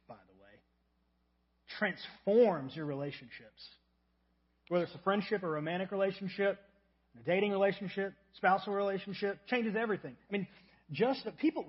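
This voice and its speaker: A man preaching a sermon as a pastor, emphatic and repetitive, often dropping to a soft low voice for example prayers. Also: husky, muffled recording. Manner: emphatic, repeats key phrases, drops to soft low tones for acted prayers.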